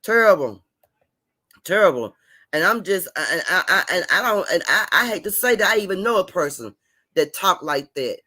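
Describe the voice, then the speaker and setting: Bright-voiced woman preaching to viewers. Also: fairly low pitch, animated, normal speed. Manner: repetitive, emphatic, preaching to viewers. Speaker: channel host. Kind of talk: casual preachy monologue.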